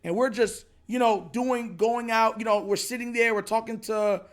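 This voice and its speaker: A man hosting his own podcast, telling a story casually and acting out excited moments. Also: high-pitched, normal speed. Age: adult. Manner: animated, retells others' lines with raised excited voice. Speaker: podcast host.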